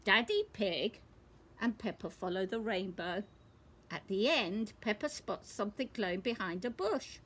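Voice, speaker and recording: A woman from a nursery, reading a picture book aloud to young children, in a warm sing-song manner with questions to the listeners. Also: medium pitch, measured pace, breathy edge.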